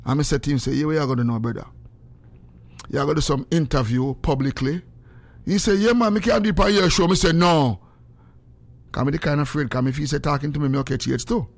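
A man hosting a show, telling stories in a lively, laughing way and quoting himself and others. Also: fairly high pitch, fast talker, no echo. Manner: animated, laughs often, quotes himself. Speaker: show host. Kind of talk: casual storytelling chat.

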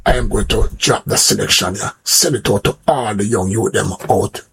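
Gravelly Jamaican radio host, rambling. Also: male voice, lowish voice, normal speed, fairly bright tone, a little hiss or hum. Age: older. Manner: rambling, repeats words, slips into patois. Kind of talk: casual radio talk.

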